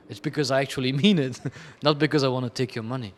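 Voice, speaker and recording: Man, creative director being interviewed, chaotic and blunt, ordinary mid-range pitch. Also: quick pace, few pauses. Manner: chaotic, rambling, frequent restarts and laughs; blunt and self-deprecating. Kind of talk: candid conversational interview answers.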